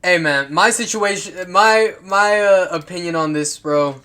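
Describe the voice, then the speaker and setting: Male vlogger, slightly high voice, loose and profane, rambling football commentary full of fillers and restarts. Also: unhurried, pushed and bright, smooth. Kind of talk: casual football commentary over clips.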